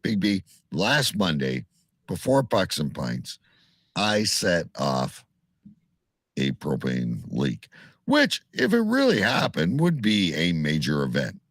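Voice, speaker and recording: A middle-aged man co-hosting a casual chat, telling animated stories and swearing freely. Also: sits low, takes it slowly, dry recording.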